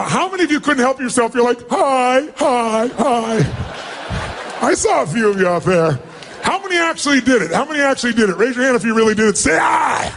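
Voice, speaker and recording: A man's voice: extremely high pitch, slight background noise. Commanding man rallying a huge crowd. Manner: commanding, emphatic, often shouting instructions to the audience. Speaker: motivational speaker. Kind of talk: live seminar address to a large crowd. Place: large event hall with thousands of people.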